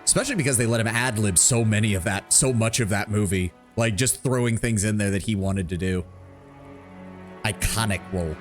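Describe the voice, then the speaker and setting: A man's voice: fairly low pitch, a little fast, soft background music. A man streaming a game, rambling casually and swearing often. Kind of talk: casual gaming commentary.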